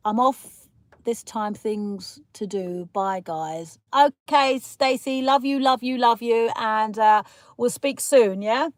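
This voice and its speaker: Her fairly high voice takes things slowly, with no echo on the recording. She's a Kent woman, from the south of England, reading comments on a casual live stream from a parked car, teasing viewers, laughing and calling them darling.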